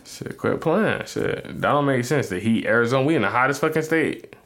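A young man co-hosting a casual podcast with his partner, talking bluntly with a lot of profanity and getting loud and animated when riled. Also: mid-range voice, brisk. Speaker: podcast co-host. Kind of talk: casual couple podcast chat.

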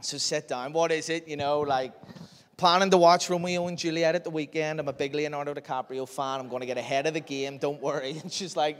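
Young male speaker, chatty and jokey, a bit high-voiced, recorded in a reverberant hall. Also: steady tone, a little fast. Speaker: youth speaker. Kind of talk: storytelling talk to a young audience. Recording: echoey hall with long reverb.

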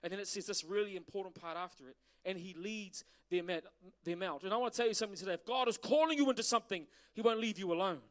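A man's voice: sits high, very fast, hardly any pauses. A middle-aged man preaching a sermon as pastor, asking the congregation questions. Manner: animated preaching with rhetorical questions.

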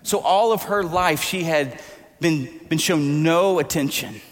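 A man in his forties preaching a sermon, telling animated, jokey stories and acting out the dialogue. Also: on the high side, measured pace. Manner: animated, jokey storyteller who acts out dialogue. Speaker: pastor. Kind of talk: sermon with personal storytelling. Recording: long hall reverb.

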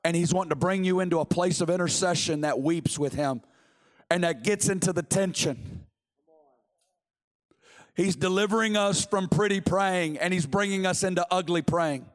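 Fervent high-voiced male preacher. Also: moderate pace. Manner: fervent, repeats phrases for emphasis. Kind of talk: sermon. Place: church sanctuary.

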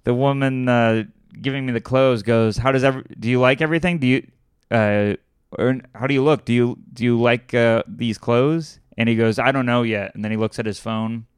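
A man's voice: mid-range voice, fairly even intonation, brisk, clear, resonant tone, dry recording, clean studio sound. A man, a stand-up comedian, telling a rambling story in casual chat, with lots of fillers and laughs.

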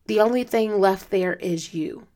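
A woman's voice: medium pitch, unhurried, dark tone. A woman hosting a solo podcast in a casual, reflective way, speaking earnestly with many fillers, her voice strained from lost sleep. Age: adult student. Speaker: podcast host.

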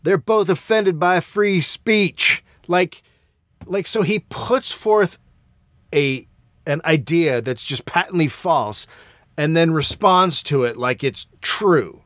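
A man co-hosting a podcast in casual comedic chat, profane and quick to mock other people's voices. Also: on the high side, no echo. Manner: profane, animated, mocks voices in quotes. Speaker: podcast co-host.

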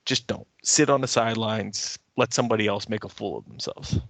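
A man co-hosting a podcast, telling a story in a casual, animated way and getting worked up as he rants. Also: lowish voice, brisk, gravelly, dry recording. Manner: animated, ranting storyteller who grows heated. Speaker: podcast co-host and editor.

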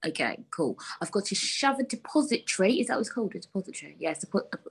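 A woman's voice: medium pitch, lively intonation, quick pace, husky. A young woman hosting a podcast alone, talking candidly and bluntly with lots of swearing. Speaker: podcast host. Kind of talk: casual solo podcast chat.

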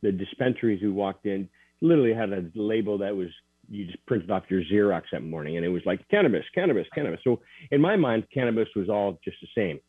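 A man recounting a personal story as an interview guest, earnest and halting, with many restarts. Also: lowish voice, breathy edge, no echo. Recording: tinny dry phone line.

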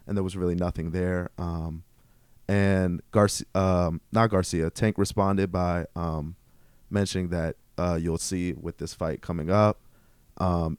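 A man with a very low, smooth voice presents a sports segment. He stumbles through it with frequent fillers, recorded dry and close. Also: darkish tone, dry recording. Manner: halting, many ums and uhs. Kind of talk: reading a sports news segment.

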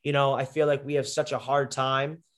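With a mid-range voice, flat delivery and moderate pace, a young man who used to wrestle rambles through stories as a podcast guest. The casual conversation is heavy with fillers and restarts.

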